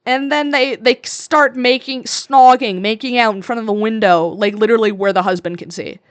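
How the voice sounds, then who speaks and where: A woman in her twenties co-hosts a podcast, delivering a crude, sarcastic, swear-filled rant recapping a movie. Her voice is a little high, steady in tone, and at normal speed.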